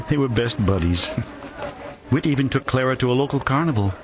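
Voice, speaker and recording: A man's voice: medium pitch, lively intonation, moderate pace, lightly acted. An actor playing a thoughtful older man who runs an orphanage and looks back on events, with music behind. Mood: reflective. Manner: reflective storyteller, fond chuckles.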